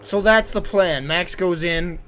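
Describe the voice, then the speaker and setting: A young adult man giving excitable, joking live commentary as a game streamer. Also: high-pitched, unhurried, soft background music.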